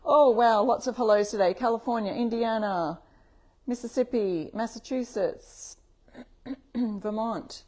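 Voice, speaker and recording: A woman's voice: a little high, measured pace, warm tone. Aussie lady doing a live craft demo, friendly chatter, reads out viewer names. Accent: Australian. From Australia. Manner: chatty, greets viewers by name. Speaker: craft tutorial host. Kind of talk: live-stream tutorial chat.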